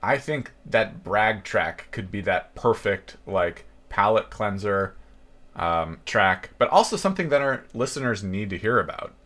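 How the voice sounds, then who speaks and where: A man co-hosting a podcast, talking in a relaxed, hesitant way. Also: fairly low pitch, measured pace. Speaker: podcast co-host. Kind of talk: casual chat.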